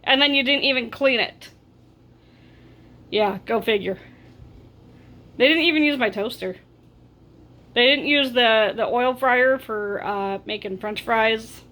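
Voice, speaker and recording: A woman's voice: fairly high pitch, measured pace, long pauses, bright, forceful tone. A woman vlogger telling a storytime, exasperated and ranting with animation. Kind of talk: storytime vlog.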